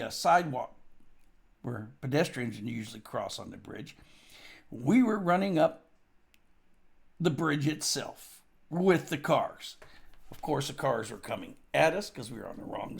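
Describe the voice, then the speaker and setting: Gravelly man rambling through a story. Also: fairly high pitch. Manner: casual, profane, with many fillers. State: grieving. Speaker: storyteller at a tribute. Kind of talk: rambling spoken anecdote.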